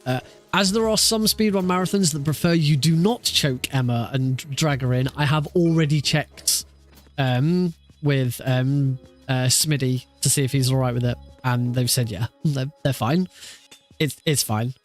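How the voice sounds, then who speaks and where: A man's voice: medium pitch, moderate pace, faint music behind. A man chatting casually on a live stream while practicing a speedrun, laughing often and swearing offhandedly.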